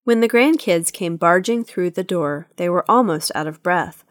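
A woman's voice: fairly low pitch, moderate pace, no echo, studio quality. Woman narrating a children's audiobook. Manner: even, storytelling read.

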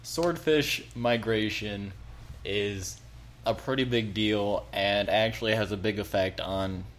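A man's voice: on the low side, slow pace, a little hiss or hum. A man co-hosting a comedy podcast, rambling through jokes and mock-serious explanations. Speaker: podcast co-host. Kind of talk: casual comedic chat.

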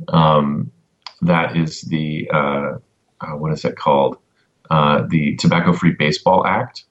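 A man on a casual podcast giving an advocacy update, halting with many ums and restarts and a dry sense of humor. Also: extremely low pitch, fairly even intonation, a bit bright, highs cut off.

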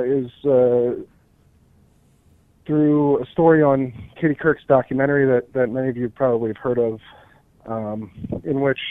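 A man's voice: medium pitch, no echo. Guy writer calling in, earnest, lots of um, phone-line tinny, dry. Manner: earnest, halting, many ums, clears throat. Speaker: writer, guest on the show. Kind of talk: phone-in interview.

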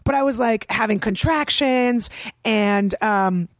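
A woman's voice: a little high, slow pace, no room sound. A woman comedian on a podcast as the guest, talking in casual chat, blunt and joking with lots of swearing. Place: home studio room.

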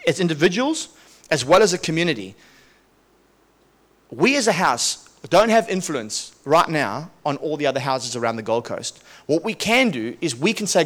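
A male pastor preaching a sermon, telling a personal testimony in a lively, chuckling way and often repeating himself. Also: fairly high pitch, normal speed.

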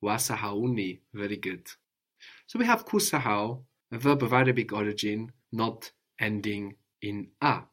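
Male tutor, calm and patient; drills the student with short prompts and tag questions. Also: lowish voice, a little slow. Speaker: language teacher. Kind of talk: one-on-one language lesson.

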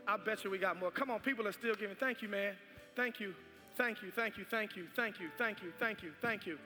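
High-voiced fervent pastor. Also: male voice, fairly quick, bright, forceful tone. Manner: fervent, repetitive exhortation. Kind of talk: sermon with offering and prayer. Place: large church sanctuary. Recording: reverberant church hall with music.

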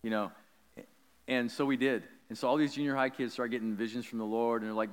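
A man of middle pitch preaches, slipping into a loose, conversational storytelling voice full of likes and ums. His voice rings out with a long reverb, as in a large hall. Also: a little fast, clear, resonant tone. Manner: animated, chatty, many likes and ums. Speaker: pastor. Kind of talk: sermon told as a personal story.

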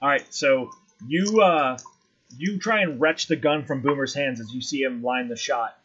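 Husky-voiced game master. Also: male voice, mid-range voice, moderate pace, fairly bright tone, highs cut off. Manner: describes scenes, rules on checks. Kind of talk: narrating a tabletop game.

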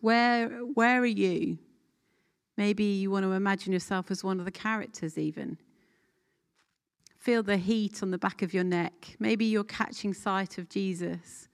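A woman leading a guided scripture meditation, reading a passage aloud and calmly inviting listeners to pause and reflect. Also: mid-range voice. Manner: calm, unhurried, gently instructive with pauses.

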